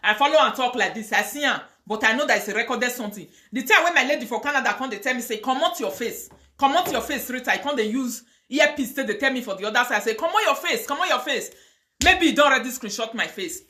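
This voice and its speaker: A woman's voice: a little high, fast talker, hardly any pauses, sharp tone, slight background noise. A woman with a Nigerian accent ranting on a live video, mixing pidgin, chanting curses and prayers with fire. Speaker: online video host.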